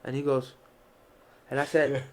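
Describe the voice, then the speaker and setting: At a measured pace, the young host speaks in a level, slightly mellow mid-range voice. On his casual podcast he tells loose stories full of profanity and restarts.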